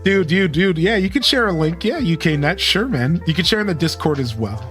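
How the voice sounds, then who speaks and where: A man's voice: on the high side, lively intonation, brisk, a bit bright. A laid-back male streamer in casual conversation with his chat, speaking in an easygoing, friendly way. He talks directly to his viewers while faint music plays underneath.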